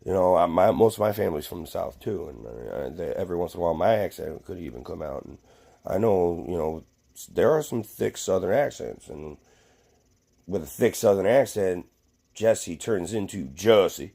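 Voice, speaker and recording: A man's voice: low-pitched, animated, normal speed, vocal fry, warm tone, slightly rough. A man vlogging a casual, rambling rant to camera, swearing freely and full of fillers and restarts.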